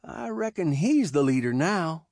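A man voicing a blunt young frontier gunman who barks brisk orders. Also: fairly high pitch, sing-song, gravelly, a little mellow, no echo, clean studio sound, full character voice. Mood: urgent.

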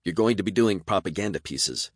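A man's voice: low-pitched, animated, fairly quick, breathy edge, no echo, clean studio sound, pitched above the performer's own voice. A man voicing a practical young woman news producer who speaks bluntly and matter-of-factly.

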